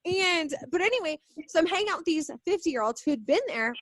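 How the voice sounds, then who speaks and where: A young woman hosts a casual podcast chat in a high, bubbly voice. She tells stories with animated energy. The sound is close and dry, with no room echo. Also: brisk.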